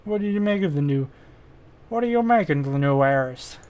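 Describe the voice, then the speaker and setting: A man's voice: a little high, animated, brisk, darkish tone, lo-fi sound, natural voice. A man voicing a stern, formal male police inspector in a mystery game, attempting a Scottish accent. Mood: probing. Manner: formal, probing questions.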